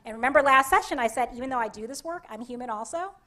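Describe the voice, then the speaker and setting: Woman, Connecticut accent, conference presenter, conversational, asks the audience questions, somewhat high-pitched. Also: expressive, fast, sharp tone. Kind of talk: conference workshop talk.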